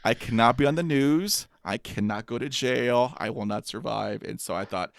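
An adult man with a master's degree tells a self-mocking story about himself, acting out the quotes as he goes. He stutters, with blocks and repeated sounds, in a gravelly mid-range voice at a moderate pace. The studio-quality recording has no room sound.

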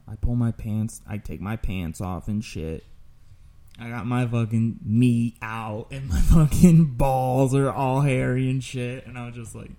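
A man's voice: mid-range voice, unhurried, mellow. Profane young man telling stories. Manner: profane, crude storytelling. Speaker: podcast host. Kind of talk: casual chat.

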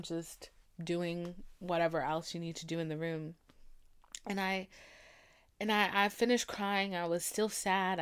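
A young woman hosting a podcast, talking candidly and emotionally, dropping to soft murmurs and rising to loud emphasis, with casual swearing. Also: lowish voice, smooth. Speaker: podcast host. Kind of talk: candid personal talk.

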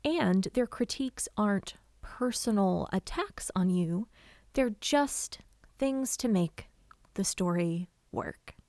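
A woman giving casual writing advice to camera, expressive and chatty, often acting out quotes. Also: mid-range voice, slow pace. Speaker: writer and vlogger.

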